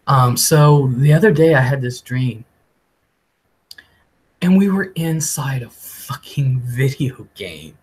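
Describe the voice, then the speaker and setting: A man's voice: mid-range voice, animated, takes it slowly, a little mellow, breathy edge, rough recording. A man hosting a live stream, telling a rambling story casually, often laughing and swearing. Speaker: livestream host.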